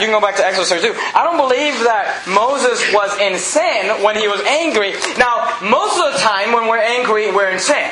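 A man preaching a sermon in a folksy style. He reads scripture slowly and builds up to loud, emphatic peaks. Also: sits high, animated, a crowd in the background. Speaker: pastor. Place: church sanctuary. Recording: echoey church room.

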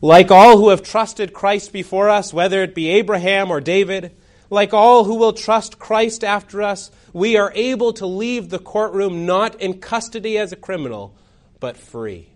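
A man preaching a sermon, telling a courtroom story dramatically, swinging between loud and hushed. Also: high voice, normal speed.

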